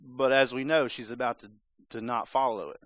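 A man's voice: medium pitch, fairly even intonation, moderate pace, fairly bright tone, no echo. A man preaching a sermon in a conversational, emphatic way, sometimes acting out voices. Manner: conversational, emphatic, acts out the serpent's lines.

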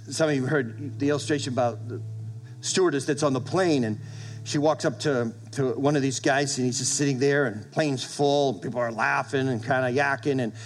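A man's voice: medium pitch, normal speed, slight background noise. A male pastor preaching a sermon to his congregation, emphatic, repeating phrases and restarting with stammers. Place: church service with congregation.

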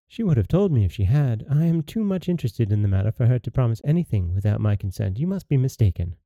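A man's voice: mid-range voice, very animated, fast talker, mellow, no echo. A man voicing a proud young princess who pleads in a raised, breathless voice. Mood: indignant.

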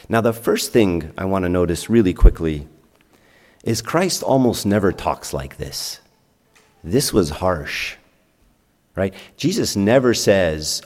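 Male priest, low voice, conversational sermon, long church reverb. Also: animated, unhurried, a little mellow. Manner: conversational, uses rhetorical questions and acted-out dialogue.

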